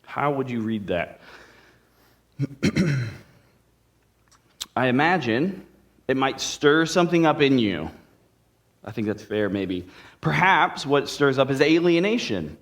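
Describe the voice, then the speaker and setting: A male pastor gives a sermon in a church sanctuary. His voice sits at a middle pitch. He talks in a relaxed, conversational way and drops joking asides to the congregation. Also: slow, long pauses.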